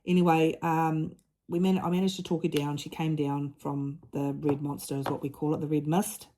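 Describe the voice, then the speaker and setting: Low, mellow-voiced mother chatting earnestly. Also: flat delivery. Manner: earnest, halting, with many restarts. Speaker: mother and diamond-painting vlogger. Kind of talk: casual personal chat.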